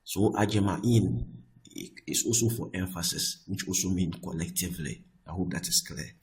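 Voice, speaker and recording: A man teaching Arabic grammar, often repeating himself and checking with "I hope that is clear.". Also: low voice, moderate pace, a little mellow, poor audio. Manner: restarts and repeats words often. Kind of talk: explaining Arabic grammar on screen.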